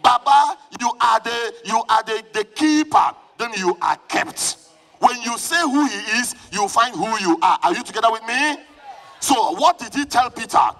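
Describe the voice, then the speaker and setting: A man with a Nigerian accent preaches at a very high pitch. He drives his sermon with fervor, shouting and calling back to the congregation. The delivery is a live church sermon. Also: expressive, moderate pace. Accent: Nigerian English. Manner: fervent, often shouting, calls on the congregation to respond. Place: church service.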